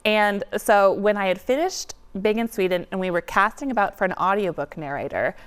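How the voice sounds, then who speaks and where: An American woman, an author guest on a talk show, telling stories in a bubbly, expressive way. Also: medium pitch, a little fast, clean tone. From United States.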